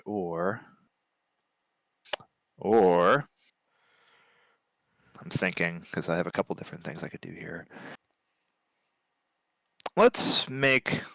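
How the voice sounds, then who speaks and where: Man, tabletop player, lowish voice, dry close sound, slow and considering. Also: expressive, creaky, a bit bright, no echo. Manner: deliberate, thinking aloud. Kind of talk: casual tabletop play.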